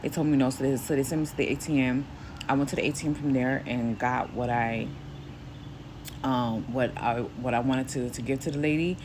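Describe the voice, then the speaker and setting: Woman from New York, low voice, casual testimony storytelling, faint background noise. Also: fairly even intonation, brisk. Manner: acts out quoted speech in a higher voice; grows quieter and softer later in the story. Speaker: Christian vlogger.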